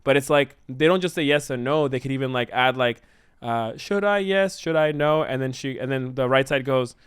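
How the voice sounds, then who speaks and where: A man brainstorming a story in casual chat, excitedly acting out the characters' lines. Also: mid-range voice, brisk, smooth, no echo, clean studio sound. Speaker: co-host writing a musical.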